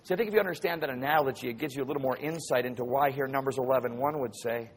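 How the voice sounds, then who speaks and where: A man's voice: mid-range voice, racing, few pauses, slightly rough. A man preaching a sermon who tells stories vividly, acts out scenes and keeps asking his listeners questions. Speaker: pastor.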